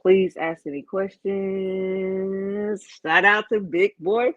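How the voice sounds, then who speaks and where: A woman's voice: mid-range voice, fairly even intonation, takes it slowly, a bit bright, dry recording. A woman with a Southern US accent hosting a casual crafting livestream, chatting and thanking viewers as she works. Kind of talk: casual live-stream chat. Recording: dull, dry, lo-fi stream audio.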